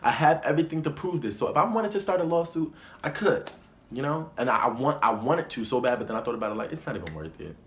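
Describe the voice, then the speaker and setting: A man's voice: medium pitch, lively intonation, quick pace, reverberant, slight background noise. A young man telling a story time vlog in an emphatic, indignant way, often repeating himself. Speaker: vlogger.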